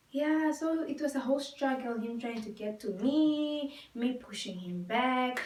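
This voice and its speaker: A young woman vlogger telling a personal story to camera, candidly acting out the dialogue and calling her viewers guys. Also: mid-range voice. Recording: echoey room, distant mic, faint music.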